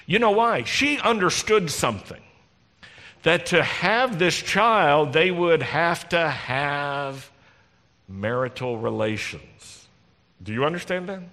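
Give me a man giving a sermon as a rabbi, bright and direct, with a long hall echo. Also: on the high side, animated, takes it slowly. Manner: conversational preaching, teasing the congregation, addresses listeners directly. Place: congregation hall. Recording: long reverb in a large hall.

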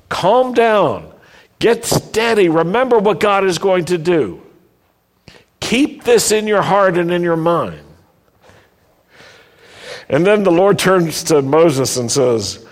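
Slow, emphatic male preacher in a reverberant hall. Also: a little high. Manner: emphatic preaching, asks the congregation to repeat lines. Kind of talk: sermon.

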